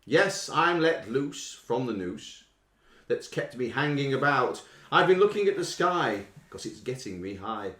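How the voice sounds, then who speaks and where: A man hosting a casual live quiz from home, reading song lyrics aloud in a playful, drawn-out way. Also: medium pitch, big pitch swings, a bit bright, echoey room. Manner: playful, reads lyrics with exaggerated drawn-out delivery. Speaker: quiz host.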